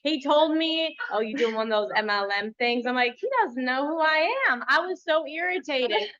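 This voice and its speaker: Bright, high-voiced blunt woman coach. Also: moderate pace. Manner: blunt, animated storytelling. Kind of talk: casual workshop talk. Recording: dull lo-fi sound.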